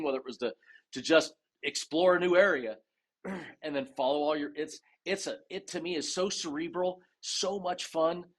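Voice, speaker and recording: A man telling stories as a podcast guest in a casual, animated way, acting out dialogue and often restarting his sentences. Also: a little high. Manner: animated storyteller who acts out dialogue, with frequent restarts. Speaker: guest, retired race car driver and dive master. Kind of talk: casual storytelling interview.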